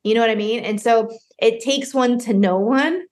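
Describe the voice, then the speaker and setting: A woman's voice: a little high, normal speed, darkish tone. A woman hosting an interview, speaking in an encouraging, affirming way to her guest. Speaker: host, program coach.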